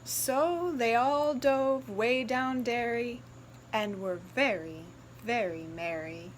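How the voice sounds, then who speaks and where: A woman reading a picture book aloud in a sing-song, expressive storytelling voice. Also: a little high, slow pace, a little hiss or hum, poor audio.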